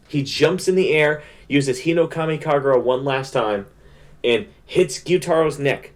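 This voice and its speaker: A young man recapping an anime in a casual spoiler review, excited and slangy with lots of fillers. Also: on the high side, moderate pace.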